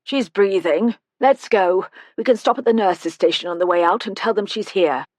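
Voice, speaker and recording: A woman voicing a polite, shrewd older lady who probes gently. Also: mid-range voice, moderate pace, dry recording, clean studio sound, close to an everyday voice. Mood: probing. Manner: polite, probing.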